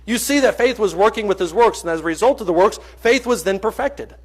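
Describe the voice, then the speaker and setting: A man's voice: high voice, expressive, a little fast. A man preaching a sermon in church, earnest and emphatic, reading scripture and stopping to correct himself with small jokes.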